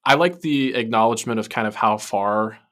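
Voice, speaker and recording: Bright-voiced man chatting animatedly. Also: fairly low pitch, a little fast. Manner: animated, laughs often, quotes lines with put-on voices. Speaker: podcast co-host. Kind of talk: casual podcast discussion.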